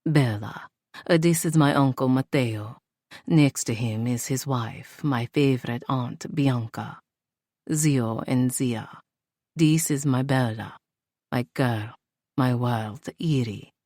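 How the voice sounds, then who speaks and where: A woman reads a tender Italian man in this storybook romance, earnest and devoted, his voice pitched low and unhurried. He speaks in a close, dry sound, with no room around him. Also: mellow, no echo, exaggerated voice.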